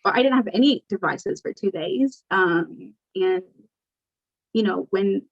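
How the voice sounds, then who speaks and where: A young adult woman telling her story as an interview guest, animated and acting out the dialogue. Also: medium pitch, unhurried, no room sound. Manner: animated, acts out quoted dialogue. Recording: dull lo-fi dry recording.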